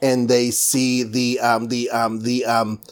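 A man's voice: medium pitch, monotone, slow pace. A man recapping a comic book in a casual, playful, rambling way with many fillers.

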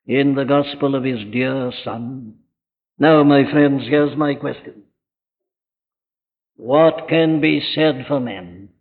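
A man's voice: fairly high pitch, narrow, tinny audio. A man preaching a sermon in a chapel, pressing his listeners with urgent rhetorical questions. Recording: thin archive sermon recording with long chapel reverb.

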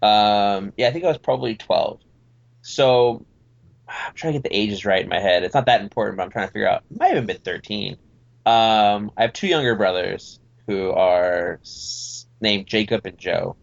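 A man's voice: fairly low pitch, moderate pace, gravelly, highs cut off. A man on a podcast telling a long childhood story in casual chat, rambling and acting out the voices of people in it. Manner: animated, rambling, acts out voices in his story. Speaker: podcast guest.

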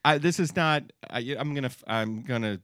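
Male podcast host, bright tone, gushing, stumbles and restarts, dry sound. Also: mid-range voice, no echo. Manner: effusive and halting, with many restarts. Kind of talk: casual podcast chat.

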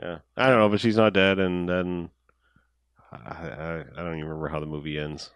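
A man's voice: low voice, flat delivery, a little fast, smooth, dry recording. A man co-hosting a podcast, chatting casually and rambling as he recaps a movie, often mimicking the characters. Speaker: podcast co-host.

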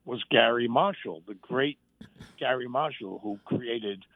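This man, once a sitcom writer and warm-up comic, tells lively anecdotes during a casual interview, performing the voices of the people he quotes. His mid-range voice moves at an unhurried pace, captured dry over a phone line.

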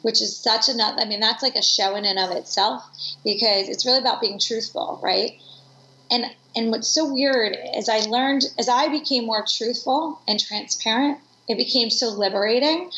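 A woman's voice: a little high, normal speed, pushed and bright. Earnest woman telling stories, echoey room. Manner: earnest, reflective storytelling. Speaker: guest. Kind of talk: conversational interview. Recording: echoey room, dull lo-fi sound.

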